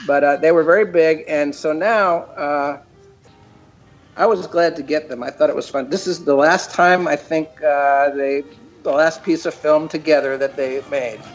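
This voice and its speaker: An older man, a cartoon creator and guest, telling stories in a casual chat, halting with many fillers. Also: fairly high pitch, fairly even intonation, muffled recording, faint music behind.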